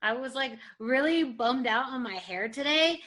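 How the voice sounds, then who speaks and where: A woman's voice: high voice, lively intonation, moderate pace, a bit bright. A woman co-hosting a casual podcast, chatty and rambling, laughing often, recorded over a video call. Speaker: podcast co-host. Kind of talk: casual chat. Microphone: webcam video call.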